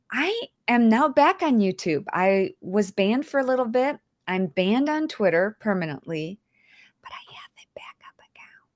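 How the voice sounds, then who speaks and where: Hosting a casual livestream, a woman with a medium-pitched voice gets emotional, holding back tears as she chats and names the viewers she greets. The audio has studio quality and no room sound.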